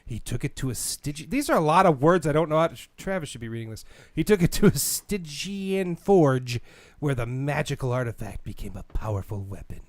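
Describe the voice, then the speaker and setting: A man's voice: on the high side, very animated, fairly quick, a little mellow, no room sound. A middle-aged man hosting a podcast, chatting casually, reading out announcements and stumbling over hard words. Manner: laughs often, stumbles over unfamiliar words. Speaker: podcast host.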